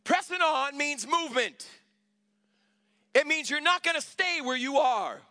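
A man preaches with a very high, bright voice that carries sharply, the sound dry and close. He leads his congregation in call-and-response and climbs into shouts. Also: animated, measured pace, no room sound. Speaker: pastor. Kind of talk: sermon.

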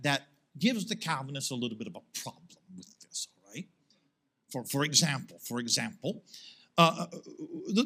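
A male pastor preaching a sermon to his congregation in church. He asks rhetorical questions and rises into loud, emphatic swells. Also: medium pitch.

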